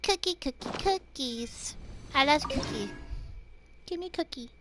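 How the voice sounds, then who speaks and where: A woman's voice: sits high, expressive, measured pace, over loud music. A woman putting on a cutesy babyish voice, begging in broken baby talk. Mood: whiny.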